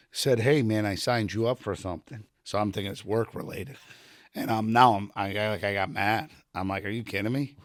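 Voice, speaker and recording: Recorded dry and at studio quality in a podcast studio room, a middle-aged retired Army sergeant with a fairly low voice chats casually, telling wandering anecdotes full of fillers and quotes from others.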